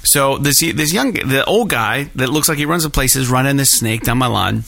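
A man casually telling a long story in a profane, animated way, acting out the people he quotes. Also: medium pitch, moderate pace, gravelly.

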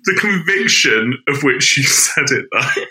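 A man co-hosting a podcast, chatting in an animated, teasing way. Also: mid-range voice, a little slow. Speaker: podcast co-host. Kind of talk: casual chat.

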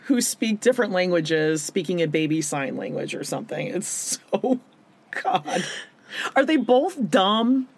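A woman's voice: fairly low pitch, expressive, a little slow, gravelly, a little mellow, breathy edge. A woman co-hosting a casual podcast, recapping a TV show and acting out scenes in mocking voices. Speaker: podcast co-host.

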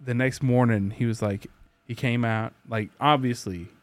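Profane, animated male podcast host. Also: mid-range voice, moderate pace, no echo. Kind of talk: casual chat.

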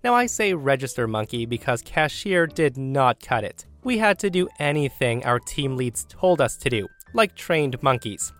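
A man's voice: medium pitch, fairly bright tone. A young man in his twenties reading a story aloud, with sarcastic, wry asides. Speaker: story narrator.

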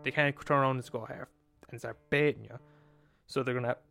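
A man's voice: mid-range voice, fairly even intonation, fast talker, vocal fry, fairly bright tone, faint music behind. A young man retelling a story in a casual, profane way, acting out quotes as he goes. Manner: profane, swears freely, acts out quotes.

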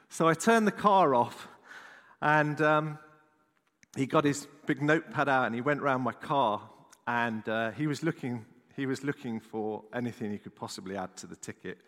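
A man preaching a sermon at an ordinary mid pitch, telling a personal story in a frank, chatty way. He drops quick asides to the congregation. His voice rings through a large hall with a long reverb. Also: fairly bright tone. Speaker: pastor.

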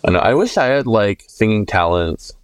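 Easygoing low-voiced man co-hosting. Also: animated, clean tone, dry recording. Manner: easygoing, unhurried, many "um"s. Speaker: podcast co-host. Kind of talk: casual chat.

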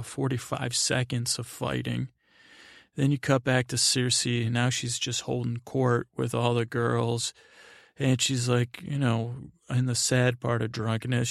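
A man's voice: mid-range voice, vocal fry, no room sound, studio quality. A man hosting a sleep podcast, recapping a TV episode in a meandering, casual way full of fillers and asides. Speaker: podcast host.

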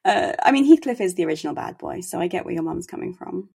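A woman's voice: lowish voice, animated, fast, creaky, dark tone, husky. A woman hosting a casual interview, teasing and encouraging her guest and laughing easily. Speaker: podcast host.

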